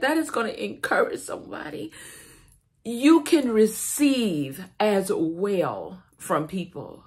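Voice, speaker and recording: Slow-talking Southern woman telling a story. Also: mid-range voice, creaky. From South Carolina, USA. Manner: chatty, talks to viewers as "y'all". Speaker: vlogger. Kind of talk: casual storytelling to viewers.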